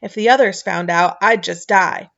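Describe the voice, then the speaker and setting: A woman voicing a huge, fearful male jelly giant who talks loudly and can never make a firm statement, in a dull lo-fi recording. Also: on the low side, normal speed, gravelly. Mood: fretful. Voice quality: loud, wavering, indecisive.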